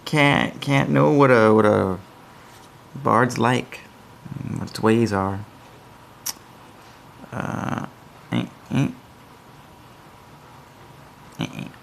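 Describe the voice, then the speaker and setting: A man's voice: medium pitch, expressive, slow, gravelly, long pauses, a little hiss or hum. A man streaming live, chatting casually in a rambling, stammering way that often breaks off mid-thought. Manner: rambling, stammering, self-interrupting.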